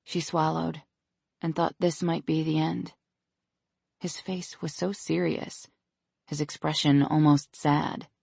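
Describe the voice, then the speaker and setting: An audiobook narrator giving a measured, scripted reading of a romance novel. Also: medium pitch, flat delivery, creaky, a little mellow, husky, dry recording.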